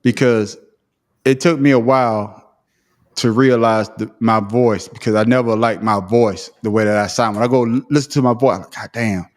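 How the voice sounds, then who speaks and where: A man with a country Southern accent, co-hosting a casual podcast chat, talking in a profane, animated, self-mocking way with frequent laughter. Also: medium pitch, moderate pace. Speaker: podcast co-host. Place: remote call.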